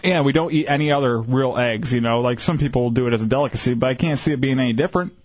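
A man's voice: mid-range voice, racing, no room sound, muffled recording. A man co-hosting a casual late-night radio show, laid-back and easygoing, with many hesitant fillers. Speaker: radio co-host.

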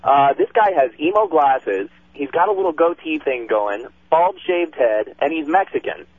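A man calling into a radio show, telling a relaxed, chatty story about a night out. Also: a little high, normal speed, no room sound. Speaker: caller. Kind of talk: casual storytelling on air. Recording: dull lo-fi broadcast sound.

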